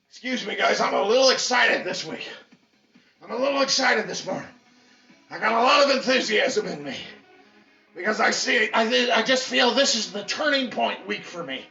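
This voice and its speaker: A man giving an impassioned motivational pep talk as a fitness instructor, preachy and repetitive, bursting into shouts. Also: high-pitched, lively intonation, moderate pace, gravelly. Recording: echoey, distant, dull mic with faint music.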